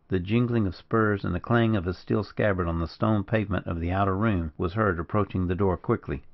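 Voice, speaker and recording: A man reading a novel aloud as an audiobook narrator in steady, measured narration. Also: deep voice, gravelly. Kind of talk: scripted narration. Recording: dull lo-fi recording.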